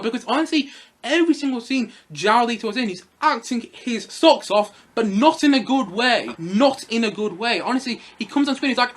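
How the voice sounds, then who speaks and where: A man's voice: very high voice, fast, fairly bright tone. A man giving a casual, chatty film review, often repeating himself. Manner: chatty, repeats himself, mocks in put-on voices.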